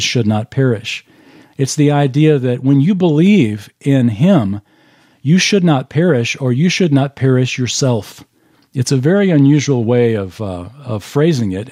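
A man's voice: mid-range voice, mellow, dry recording, studio quality. A man preaching a sermon as pastor, in a folksy, conversational way, explaining patiently with homely examples and repeated emphasis.

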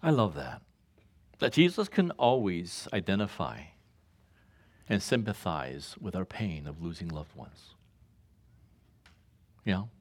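A man's voice: slow, pauses often. A man preaching a sermon, reading scripture and asking the congregation to finish his lines, chuckling often. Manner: call-and-response questions to congregation, chuckles often; reads scripture aloud, rises in pitch when animated. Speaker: pastor.

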